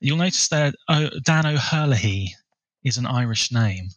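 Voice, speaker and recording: A man co-hosting a film podcast, measured and informative, steering the conversation. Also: medium pitch, animated, fairly bright tone, dry recording, muffled recording. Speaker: podcast co-host. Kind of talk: casual film chat.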